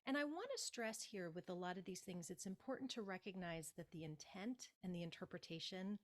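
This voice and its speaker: A woman speaking as a public speaking coach in an interview, giving emphatic, animated advice and acting out example phrases. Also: on the low side, fairly quick.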